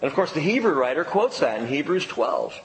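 A man preaching a sermon to a congregation, lively, stretching out key words for emphasis. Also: fairly high pitch, fairly quick, a little hiss or hum. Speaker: pastor. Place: church sanctuary. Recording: long hall reverb, faint ambience.

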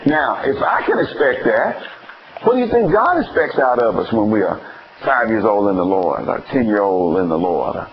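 A man delivers a sermon as pastor, his voice leaping high and dropping low as he questions the congregation. He acts out homespun scenes from family life to drive his points home. The recording is a touch dull and lo-fi. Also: big pitch swings, normal speed, a little hiss or hum. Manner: calls for answers from the congregation. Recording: slightly dull lo-fi church recording.

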